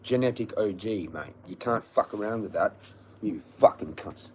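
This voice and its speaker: A man's voice: lowish voice, animated, normal speed, a little hiss or hum. A man ranting angrily and profanely on a livestream, repeating himself. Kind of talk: angry livestream rant.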